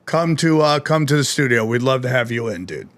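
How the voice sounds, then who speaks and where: Bright-voiced, swearing podcast host. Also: male voice, medium pitch, brisk. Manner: animated, profane, says "dude" often. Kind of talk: casual podcast chat.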